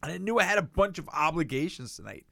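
A man's voice: on the high side, lively intonation, quick pace, vocal fry, sharp tone, dry recording, clean studio sound. A man co-hosting a casual podcast, telling rambling, profane stories and acting out what people said. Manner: rambling profane storyteller who acts out quotes. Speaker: podcast co-host.

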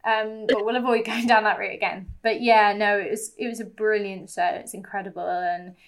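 A woman's voice: medium pitch, moderate pace. A young British woman co-hosting a podcast, rambling casually with many "um"s and "yeah"s. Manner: relaxed and rambling, frequent "um" and "yeah". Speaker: podcast co-host. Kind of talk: casual chat.

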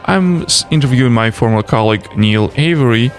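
A man's voice: mid-range voice, lively intonation, faint music behind. Russian-accented male podcast host. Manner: frequent "uh" pauses, dropped articles. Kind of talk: podcast interview.

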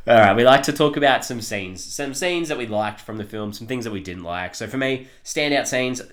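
A man's voice: medium pitch, brisk, fairly bright tone. A man co-hosting a podcast, reviewing a film in casual chat, rambling with lots of ums and frequent laughter. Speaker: podcast co-host reviewing films.

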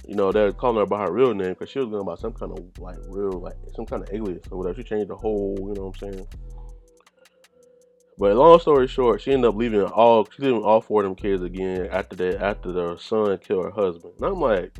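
A man's voice: on the low side, fairly quick, a little mellow, dull audio, soft background music. A man hosting a podcast, talking in a casual, slangy, digressive way and joking as he rambles. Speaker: podcast host.

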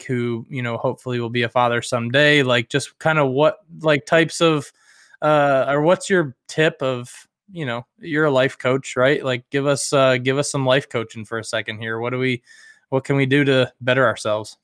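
A man's voice: medium pitch, fairly bright tone, clear, resonant tone, no echo, clean studio sound. A man hosting a casual podcast, chatty and self-mocking, with lots of fillers. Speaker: podcast host.

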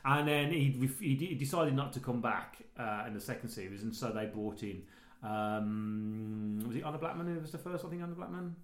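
A man's voice: medium pitch, a little fast. A man hosting a casual film-discussion podcast, reading out background facts with frequent fillers and hesitations. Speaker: podcast host. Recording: roomy echo.

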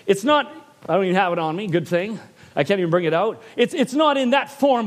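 High-voiced animated male preacher. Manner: animated, calls for "Amen". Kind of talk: sermon. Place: church.

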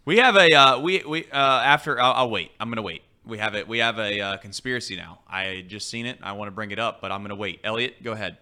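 Man, sports talk host, very bright voice, animated, rambling, casual chat. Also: on the low side, fast, few pauses. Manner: animated, rambling, restarts phrases.

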